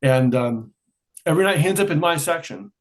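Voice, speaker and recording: Middle-aged man telling a lively story. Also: a little high, a little fast. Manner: lively storyteller who acts out quoted dialogue. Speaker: interview guest. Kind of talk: casual storytelling.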